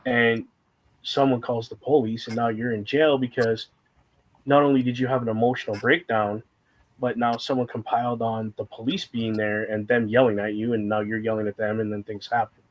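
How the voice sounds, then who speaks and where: A man's voice: mid-range voice, level tone, normal speed, highs cut off. A man talking candidly and emotionally in a casual conversation, a guest sharing a personal story with rambling fillers and moments of fighting back tears.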